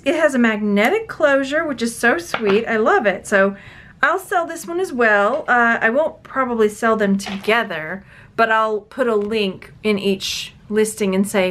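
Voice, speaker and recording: A woman's voice: fairly high pitch, lively intonation, measured pace, fairly bright tone, slight background noise. A woman, chatting playfully in a casual unboxing vlog, sorting jewelry to resell. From Texas. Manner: chatty, playful, talks to objects.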